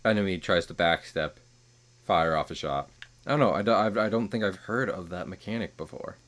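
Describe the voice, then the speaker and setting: A man giving casual, rambling commentary while streaming a game, chuckling at his own jokes and trailing off into quieter asides. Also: deep voice, brisk.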